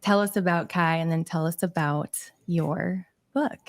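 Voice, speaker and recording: A woman's voice: lowish voice, unhurried. Earnest woman podcast host. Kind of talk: conversational interview.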